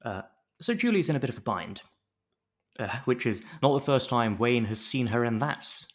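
A man's voice: medium pitch, animated, normal speed. A man co-hosting a podcast, recapping a TV show in a rambling, jokey way with swearing and mock-pompous bits. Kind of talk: casual chat.

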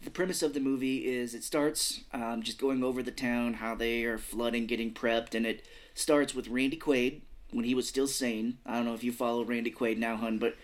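A man's voice: medium pitch, fairly even intonation, normal speed, hardly any pauses. A man with a Midwestern American accent, co-hosting a podcast and reviewing a movie in casual, rambling, self-deprecating chat. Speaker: podcast co-host.

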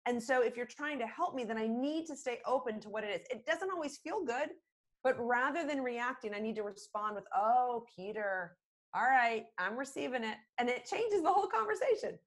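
A middle-aged woman speaks as a guest on a podcast interview. Her voice sits a touch high, and she talks in an animated, expressive way. She acts out the phrases she quotes. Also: fairly quick. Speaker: podcast guest, communication expert.

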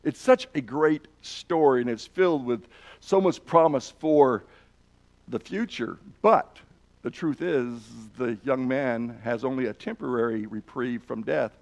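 A man's voice: mid-range voice, measured pace, gravelly, darkish tone, dull audio. A man preaching a sermon, earnestly retelling and reading scripture passages aloud with emphasis. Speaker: pastor.

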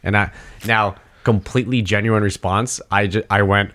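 A man's voice: on the low side, fairly even intonation, moderate pace, fairly bright tone. A man in his thirties telling a long personal story in casual chat. He rambles with lots of fillers and swears freely. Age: 30s.

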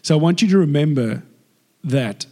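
A man preaching a sermon in a chatty, jokey, animated way. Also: a little high, normal speed. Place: church hall. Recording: echoey hall with long reverb.

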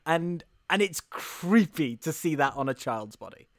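A man's voice: a little high, animated, a little slow, dry recording, clean studio sound. A young man with many ums and laughs, recapping a film as a casual comedy podcast co-host.

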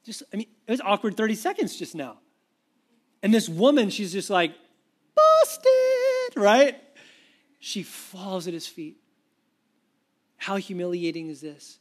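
A man preaching a sermon with animated, conversational storytelling. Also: high-pitched, moderate pace, long pauses. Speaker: pastor.

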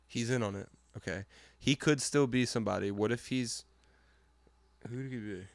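A young man co-hosting a casual show, excitable and slangy, calling his friend "dude". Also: mid-range voice, normal speed, dry recording. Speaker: podcast co-host. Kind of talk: casual chat, watching an episode together.

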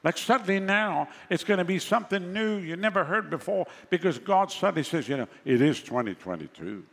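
A man's voice: high-pitched, fairly quick, gravelly, fairly bright tone, in a large hall. A male pastor preaching a sermon in a conversational way, with sarcastic asides.

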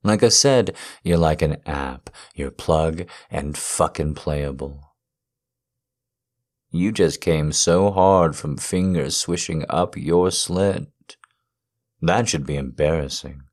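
Man, extremely deep voice, slow and deliberate, domineering, taunting erotic role-play. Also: darkish tone. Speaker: audio role-play performer.

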